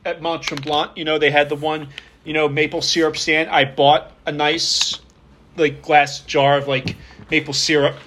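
A man's voice: on the high side, flat delivery, normal speed, a bit bright, a little hiss or hum. A man co-hosting a podcast in casual chat, easygoing and teasing. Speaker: podcast co-host.

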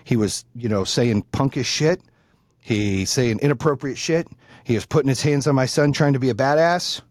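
Man, husky voice, casual heated storytelling, swears a lot, dry sound. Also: medium pitch, no room sound. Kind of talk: casual chat.

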